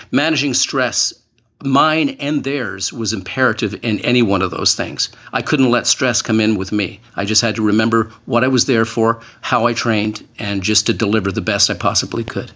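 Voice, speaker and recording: Earnest man, slow emphatic speech. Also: fairly low pitch, fairly bright tone. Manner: earnest, measured, slows to stress key words. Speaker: panel guest, former hostage negotiator. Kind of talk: panel discussion.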